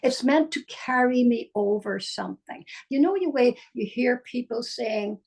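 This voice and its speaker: Slow, husky older woman. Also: on the high side. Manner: slow and musing, drops into soft whispers. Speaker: spiritual teacher. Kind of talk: reflective spoken talk.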